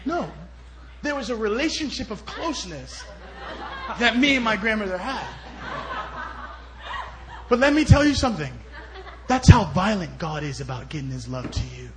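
A man preaching a sermon at a church service as a guest speaker, telling stories and swinging between loud bursts and soft asides. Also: high voice, big pitch swings, moderate pace, long pauses.

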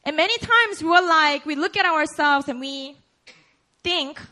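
A woman's voice: very high voice, lively intonation, normal speed, bright, forceful tone. A young woman pastor preaching a sermon, playful, laughing and putting questions to her congregation. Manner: asks the audience questions.

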